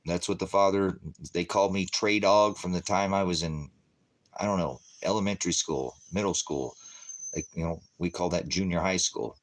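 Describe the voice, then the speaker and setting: A man's voice: low voice, normal speed. A middle-aged man preaching an informal, rambling testimony, often calling out to his brothers and sisters. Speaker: independent preacher.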